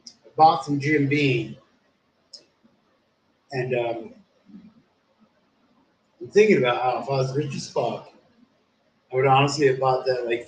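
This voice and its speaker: A man's voice: medium pitch, slight background noise. Rambling, profane man in an echoey room. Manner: profane, rambling, says "dude" constantly. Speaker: live streamer. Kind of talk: casual rambling storytelling.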